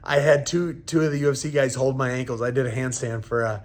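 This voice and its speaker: Man, 30s, fighter, casual halting storytelling, acts out quoted lines. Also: medium pitch, level tone. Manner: halting retelling, acting out quoted dialogue. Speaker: professional fighter.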